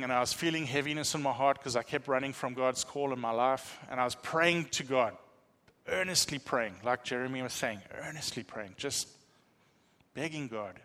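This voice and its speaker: Bright-voiced preacher. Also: male voice, mid-range voice, in a large hall. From South Africa. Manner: animated storytelling, self-deprecating humor. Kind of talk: sermon testimony.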